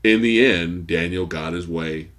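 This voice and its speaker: A man's voice: low voice, a little slow. A man co-hosting a casual movie podcast, talking loosely and swearing, with frequent laughs. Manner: animated, swearing, laughs often. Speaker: podcast co-host.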